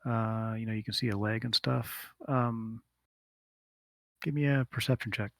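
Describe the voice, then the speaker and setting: A male game master narrates combat at an easy, slow pace, humming little filler sounds as he rolls dice. His voice has a gravelly fry to it. The sound is dry and close, with no room echo. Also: medium pitch. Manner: relaxed, unhurried, hums filler sounds while rolling.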